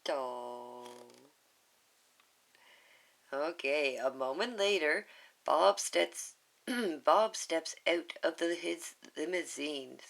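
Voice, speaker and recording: A woman's voice: sits low, animated, extremely slow, creaky, pauses often, a bit bright. A woman reading a picture book aloud to viewers, with chatty, giggly asides. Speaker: storybook reader.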